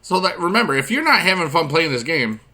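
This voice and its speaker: Male gaming host, bright tone, chatty rambling commentary with sudden loud bursts. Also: on the high side, fast. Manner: rambling, chatty, drifts from quiet asides to loud excited bursts; addresses viewers directly with friendly advice. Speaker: YouTube gaming channel host.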